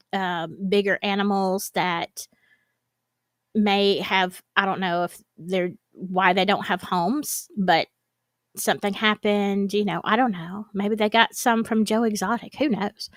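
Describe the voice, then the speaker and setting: A woman's voice: mid-range voice, dry recording. A woman, hosting a casual, rambling chat and laughing often. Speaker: host. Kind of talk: casual chat to a live audience.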